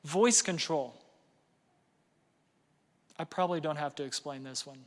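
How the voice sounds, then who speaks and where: A middle-aged man leads a casual parenting seminar in a large hall before an audience, and a long hall reverb trails his words. His voice is on the high side and a little slow, conversational and self-deprecating, full of fillers and "right?" checks.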